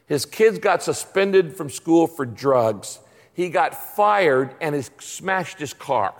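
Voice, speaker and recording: A pastor preaching a sermon, animated and acting out little voices in his stories. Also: on the high side, slow. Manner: animated, acts out voices in anecdotes. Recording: long reverb of a large hall.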